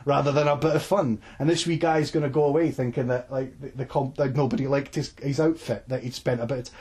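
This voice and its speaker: Un uomo con scozzese, co-conduttore di un podcast, racconta con foga in una chiacchierata informale, pieno di parolacce e frasi ripetute, registrato al telefono. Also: male voice, mid-range voice, fast, breathy edge. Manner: animated storytelling, sweary, many restarts. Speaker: podcast co-host. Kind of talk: casual chat. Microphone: phone line.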